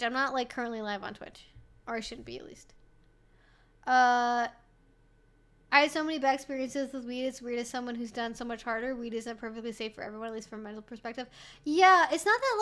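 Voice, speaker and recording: On her live stream, a high-voiced woman casually works through questions from viewers. Her chatter is loose and full of swearing and "like," with quick laughs slipped between remarks and a fairly bright tone.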